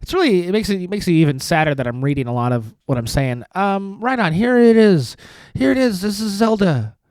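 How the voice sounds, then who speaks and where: A man rants through a solo comedy podcast monologue from a studio apartment, swearing freely and restarting his sentences. His sardonic delivery swings widely up and down in pitch. The sound is close and dry. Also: animated, a little fast, a little mellow, clear, resonant tone, dry recording. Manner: rambling, profane, sardonic, with many restarts. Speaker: podcast host.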